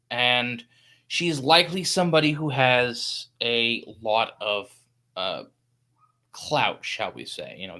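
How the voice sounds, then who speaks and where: Animated, bright-voiced male livestream host. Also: medium pitch. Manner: rambling, profane, easily sidetracked. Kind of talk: casual livestream commentary.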